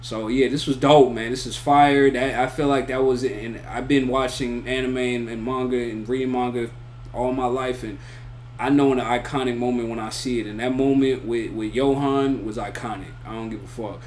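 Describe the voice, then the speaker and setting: A man's voice: medium pitch, fairly even intonation, normal speed, a little mellow. A man giving a casual, rambling spoken review of an anime, full of slang and repeated "you feel me" and "bro". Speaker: anime reaction YouTuber.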